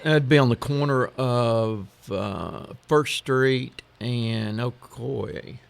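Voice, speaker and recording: An older man, a former fire chief, reminiscing in casual radio chat, unhurried and quick to agree with the others. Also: medium pitch, gravelly, clean tone, dry recording.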